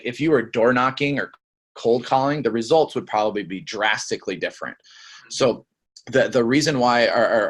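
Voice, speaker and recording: A young man giving a casual sales training talk, acting out quick lines of customers and reps as examples. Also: fairly low pitch, a bit bright, breathy edge. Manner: conversational, acts out customer and rep lines.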